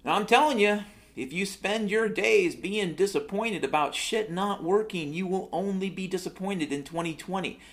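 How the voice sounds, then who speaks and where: A man's voice: high-pitched, normal speed, hardly any pauses, a bit bright. A man delivering a sarcastic, profane monologue rant, telling stories and complaining as a show host.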